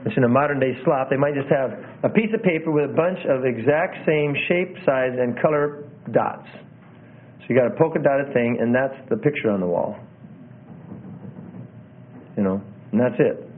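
A man's voice: mid-range voice, moderate pace. A man teaching about sermon delivery in a conversational way, often repeating phrases and correcting himself. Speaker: preaching instructor. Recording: tinny phone-like audio.

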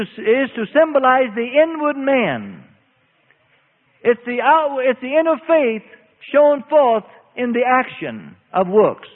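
Male preacher, high and animated voice, deliberate pace; tinny recording with long hall reverb. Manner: slow, emphatic preaching with drawn-out phrases. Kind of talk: sermon. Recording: phone-like audio in a reverberant hall.

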